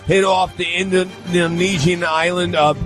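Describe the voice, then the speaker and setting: A man on a radio show reading a news item, halting and stumbling over words. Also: high voice, fairly even intonation, music in the background.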